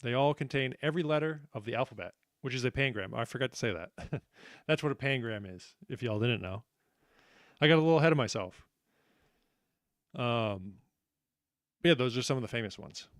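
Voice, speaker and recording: A man's voice: medium pitch, lively intonation, fairly quick, pauses often, no room sound. Man, trivia host, upbeat, joking, dry close sound. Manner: upbeat, joking, self-deprecating. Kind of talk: casual live trivia hosting.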